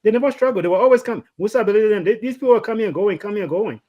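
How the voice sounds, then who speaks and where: A man moderating a panel, animated and teasing, repeating words for emphasis. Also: high-pitched, rapid-fire, dull audio. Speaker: show host, moderator. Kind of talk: casual panel discussion.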